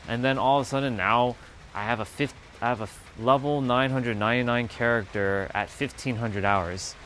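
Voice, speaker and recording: On his livestream, a man in his thirties talks briskly in a mid-range voice, telling profane, animated stories with mocking asides quoted from others. A slight hiss or hum sits under the audio.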